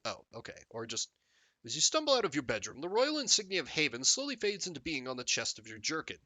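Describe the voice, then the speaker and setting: Bright animated man streaming a game. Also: on the high side, fast talker. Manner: jokey, animated, reads game text and riffs on it. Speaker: streamer playing a text game. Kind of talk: live game commentary and reading aloud.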